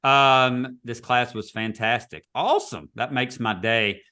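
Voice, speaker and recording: A man's voice: medium pitch, measured pace, sharp tone. A man teaching real estate agents in a casual, chatty webinar over a video call. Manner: casual, chatty, repeats himself.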